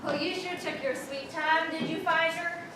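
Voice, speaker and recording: A woman's voice: very high-pitched, steady tone, normal speed. A young woman acting the lead in a school stage play, talking theatrically. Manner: theatrical, exclaiming. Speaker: student actor playing Kate. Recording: echoey hall, far from mic, noisy.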